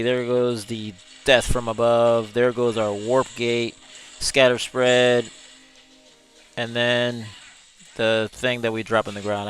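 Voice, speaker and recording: A man's voice: medium pitch, fairly bright tone. A male gaming streamer giving live gameplay commentary in a chatty way, reading chat messages aloud and laughing often.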